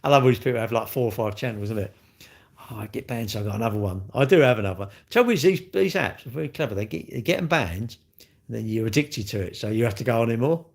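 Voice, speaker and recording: A man chats on a live stream with a gravelly, creaky voice. His pitch swings up and down a lot as he rambles cheekily and answers comments from chat. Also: expressive, fast talker.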